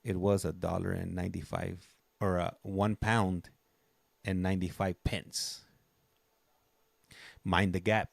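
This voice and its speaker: Low gravelly man chatting casually. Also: flat delivery, unhurried, darkish tone, dry recording. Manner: rambling, chatty, many restarts. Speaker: livestream host. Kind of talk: casual chat.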